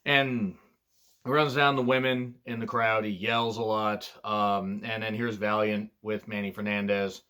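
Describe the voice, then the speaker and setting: A man's voice: fairly low pitch, flat delivery, measured pace, pushed and bright, clear, resonant tone. A young adult man reviewing old wrestling events in blunt, profane, ranting casual commentary. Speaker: wrestling fan YouTuber.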